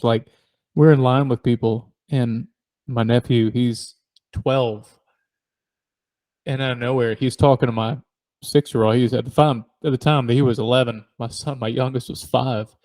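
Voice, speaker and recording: A man's voice: mid-range voice, fairly even intonation, moderate pace, a little mellow, dry recording. A middle-aged man, co-hosting a podcast in casual chat, rambling through stories, laughing often and mimicking noises. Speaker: podcast co-host.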